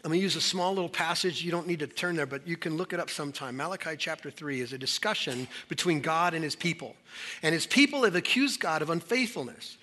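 Bright-voiced man preaching a sermon. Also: on the high side, quick pace. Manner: emphatic, conversational preaching with rising intensity. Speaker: pastor. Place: church service.

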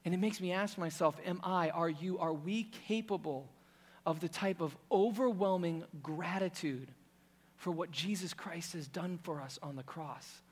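High-voiced man preaching in a reverberant hall. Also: normal speed, breathy edge. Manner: impassioned, shifts between loud emphasis and hushed intensity. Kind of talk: sermon.

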